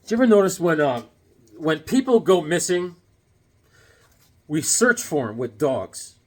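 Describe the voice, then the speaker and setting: A man chatting casually as he unboxes comics, excitable and gushing, cracking jokes as he goes. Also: on the high side, a little slow. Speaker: comic collector vlogger.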